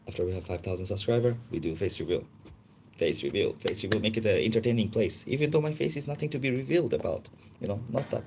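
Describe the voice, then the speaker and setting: A man hosts a casual livestream, chatting in halting, English. His voice sits a little low, and he breaks into laughs often. A faint background hiss runs under the talk. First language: Chinese. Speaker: livestream host.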